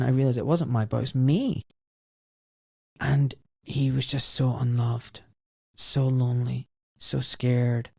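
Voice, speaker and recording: Man, middle-aged, gravelly, dark and mellow, reflective podcast host. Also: medium pitch, dry recording, clean studio sound. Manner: emotional, reflective storytelling. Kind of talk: conversational interview.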